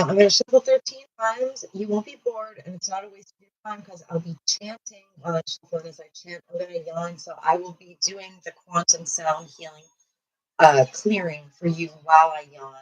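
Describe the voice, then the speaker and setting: A woman giving a live-streamed collective card reading, talking softly and meandering with fillers, sometimes chanting a prayer. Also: on the low side, steady tone, a little fast, poor audio. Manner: soft, meandering, with frequent fillers; rhythmic chanting prayer while shuffling cards. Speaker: intuitive tarot reader and healer.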